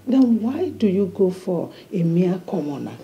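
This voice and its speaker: An actress playing a royal mother who advises her son, speaking in a measured, probing way. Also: lowish voice, sing-song, vocal fry, mellow, lo-fi sound, slight background noise, exaggerated voice. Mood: advising.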